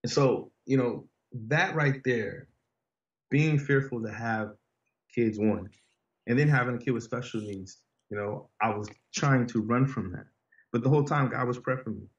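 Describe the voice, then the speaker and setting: A man's voice: mid-range voice, normal speed. A man guest in a conversation, earnestly recounting a personal story with lots of "you know" and "man". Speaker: podcast guest. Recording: roomy, distant, dull sound.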